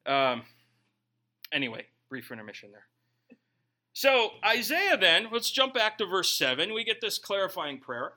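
A man's voice: high voice, sing-song, unhurried, long pauses, pushed and bright. A young man preaching a conversational sermon, reading scripture and then telling stories with joking asides. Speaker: pastor.

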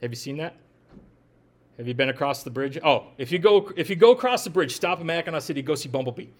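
Folksy man preaching, fairly high voice. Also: lively intonation, fast talker. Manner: folksy, asks the listeners questions, jokes in asides. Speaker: pastor. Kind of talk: conversational sermon.

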